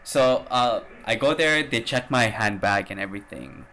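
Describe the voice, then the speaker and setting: A man's voice: mid-range voice, expressive, normal speed, pushed and bright, a little hiss or hum. A man hosting a podcast, telling a travel story in a rambling, casual way, swearing and using lots of fillers. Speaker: podcast host.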